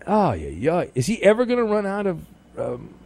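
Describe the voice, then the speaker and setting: A man hosting a call-in radio show, bantering with callers in a sarcastic, animated way. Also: high voice, normal speed, gravelly, no room sound. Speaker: radio host.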